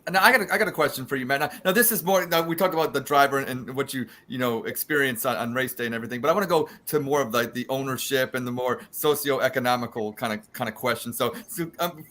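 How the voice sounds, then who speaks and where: Male sports host, fast and bright, rambling, repeats words. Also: medium pitch. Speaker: sports talk show host. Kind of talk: casual sports talk.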